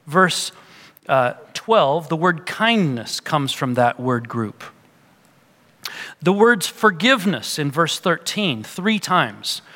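Older male pastor, bright tense tone, earnest sermon delivery. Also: fairly high pitch, long reverb tail. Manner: earnest preaching, rising to emphatic peaks, closing in quiet prayer.

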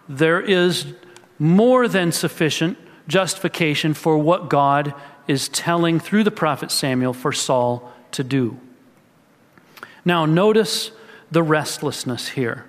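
A man's voice: a little high, a bit bright. A man preaching a sermon as pastor, explaining scripture and acting out a character's thoughts with rising emphasis. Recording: reverberant hall.

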